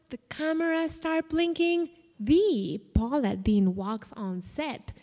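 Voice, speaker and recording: A woman's voice: sits high, a little mellow. A middle-aged woman from Mexico City with a Mexican accent, telling a vivid, dramatic story on stage at a live storytelling event. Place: stage in a large hall. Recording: echoey live hall.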